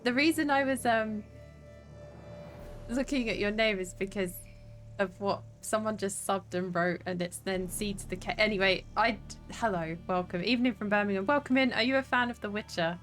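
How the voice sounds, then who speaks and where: A young woman from the south of England with a southern English accent, livestreaming a game and chatting to her viewers. She talks casually, swears freely and laughs often, at a mid-range pitch. Game music plays faintly under her voice. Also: normal speed, a bit bright. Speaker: streamer. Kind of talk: casual gaming livestream chat.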